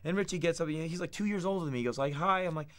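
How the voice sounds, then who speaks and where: A man's voice: fairly high pitch, racing. Blunt American man telling stories. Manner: blunt, animated anecdotes, acts out quoted voices. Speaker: interviewee. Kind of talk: candid storytelling interview.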